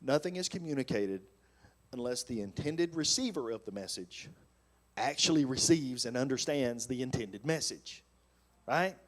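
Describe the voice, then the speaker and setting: A male pastor preaching on marriage, animated and acting out sarcastic replies. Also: mid-range voice, normal speed. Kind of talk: sermon on marriage.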